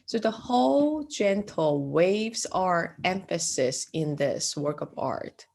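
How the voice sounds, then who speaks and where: A woman lecturing as an art teacher in a classroom, slow and hesitant, with frequent fillers and throat clearing. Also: lowish voice, lively intonation, darkish tone.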